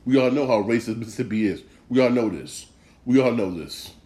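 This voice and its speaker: A man's voice: mid-range voice, a little fast, dark tone. A middle-aged man hosting a casual solo talk show. He rambles, repeats himself often, and swears freely. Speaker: podcast host.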